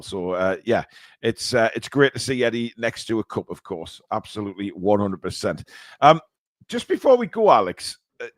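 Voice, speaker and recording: A man's voice: mid-range voice, no room sound. Chatty man with a dry close mic. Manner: halting, lots of fillers and restarts. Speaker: podcast host. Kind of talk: casual football chat.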